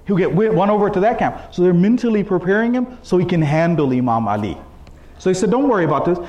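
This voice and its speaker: Animated man telling a sermon story. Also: a little high. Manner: acts out quotes with shifting voices, frequent "right?". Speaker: religious speaker.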